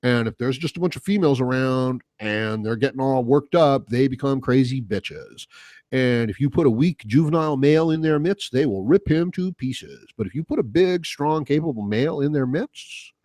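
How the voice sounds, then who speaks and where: A man's voice: medium pitch, lively intonation, moderate pace, darkish tone, no echo, clean studio sound. A man hosting a solo podcast, ranting casually in a rambling, profane way with lots of fillers. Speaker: podcast host.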